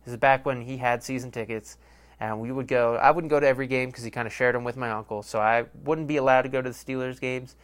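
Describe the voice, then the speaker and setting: A man's voice: medium pitch, fairly even intonation, fast, clear, resonant tone. A young man hosting a sports podcast, rambling in a casual, profane and self-mocking way. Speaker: podcast host.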